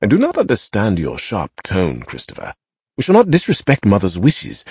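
A man's voice: fairly low pitch, huge pitch swings, normal speed, a little mellow, slightly rough, no room sound, studio quality, pitched above the performer's own voice, full character voice. A man voicing a haughty, mocking young plantation master who talks with cruel, theatrical scorn. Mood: indignant.

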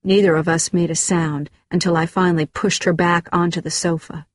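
A woman giving a measured, scripted narration of a first-person memoir. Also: fairly low pitch, little pitch movement, no echo, studio quality.

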